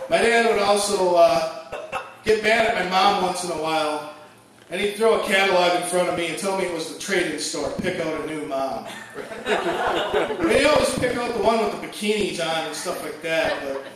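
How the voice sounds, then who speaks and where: Male stand-up comic, high pitch, storytelling, heard from across an echoey, noisy room. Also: normal speed, distant mic. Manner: jokey storytelling, acts out quoted voices. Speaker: stand-up comedian. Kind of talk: stand-up comedy set.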